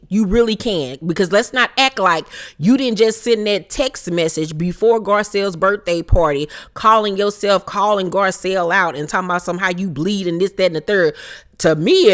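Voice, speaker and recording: A woman hosting a casual reality TV recap, talking fast and heated, blunt and heavily profane. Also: mid-range voice.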